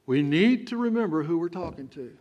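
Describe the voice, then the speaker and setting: A man's voice: fairly high pitch, lively intonation, brisk, darkish tone. A man with a Texan accent, preaching a sermon as pastor and breaking into emphatic, rising outbursts. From Texas. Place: church sanctuary.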